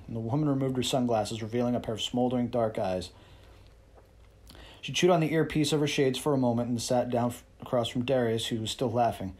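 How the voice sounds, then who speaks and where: A man narrates a first-person story with a wry, sarcastic edge. His voice sits in an ordinary middle pitch, and he delivers the boasts and jabs with a smirking, storyteller's rhythm. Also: a little mellow, slightly rough. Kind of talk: first-person novel reading.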